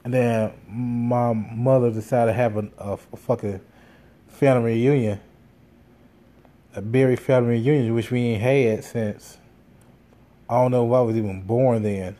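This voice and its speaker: A man's voice: mid-range voice, steady tone, a little slow, long pauses, mellow. A man telling a casual, rambling story, swearing often and full of fillers and restarts. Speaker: podcast host.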